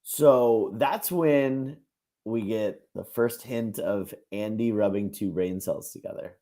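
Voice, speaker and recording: A podcast co-host with a fairly low, mellow voice and a slow pace talks animatedly on a casual reaction show, laughing often and acting out quotes in exaggerated voices.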